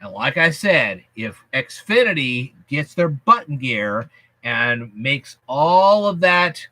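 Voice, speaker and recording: A man's voice: medium pitch, very animated, slow pace, pushed and bright, no room sound. A man hosting a casual vlog, explaining things to his viewers in a folksy, chatty, emphatic way. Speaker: YouTube channel host.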